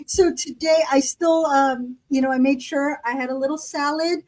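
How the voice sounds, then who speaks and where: A woman chats casually as a podcast co-host, spinning long stories full of fillers. Her voice sits high. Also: steady tone, normal speed, darkish tone, poor audio. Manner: chatty storyteller, lots of fillers. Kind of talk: casual chat.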